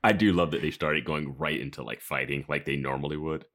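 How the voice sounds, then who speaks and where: A man co-hosting a podcast, chiming in with low-key, dry comments in casual chat. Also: fairly even intonation, fairly quick, a bit bright. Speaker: podcast co-host.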